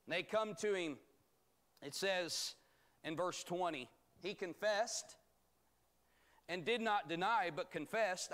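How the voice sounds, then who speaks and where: Slow, high-voiced male preacher. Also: lively intonation, fairly bright tone. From United States. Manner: measured, emphatic, reads scripture aloud and explains it. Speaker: pastor. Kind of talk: bible study teaching.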